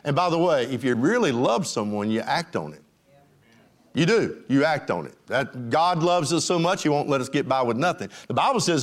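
A man's voice: mid-range voice, big pitch swings, moderate pace. An older man preaching a folksy sermon, with emphatic lines and joking asides. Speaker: pastor.

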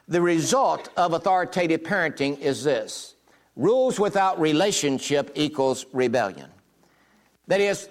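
A middle-aged man preaching a sermon, telling homely stories and acting out the dialogue in them. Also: on the high side. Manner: folksy storytelling, acts out quoted dialogue. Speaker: pastor.

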